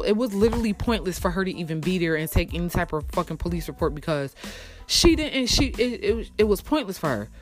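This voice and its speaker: A woman vents about a rotten week in a fast, exasperated rant, cursing freely and leaping up in pitch whenever the outrage peaks. Between outbursts she sinks into low, grumbling asides. Faint music plays underneath. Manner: heated, profane, exasperated, swings between shouting up and muttering low. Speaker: single mother telling a personal story. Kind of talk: angry storytime rant.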